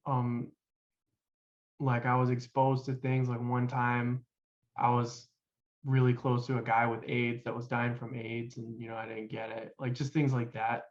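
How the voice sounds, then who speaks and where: Brief: young adult male guest, casual halting storyteller, middle pitch, dull lo-fi recording. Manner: loose and halting, with many fillers. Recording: dull lo-fi sound.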